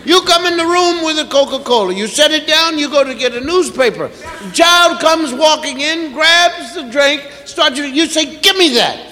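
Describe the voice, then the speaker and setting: A man performing a stand-up comedy routine, animated and repetitive as he mimics exasperated parents. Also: very high-pitched, normal speed, a little hiss or hum. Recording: echoey theater with long reverb.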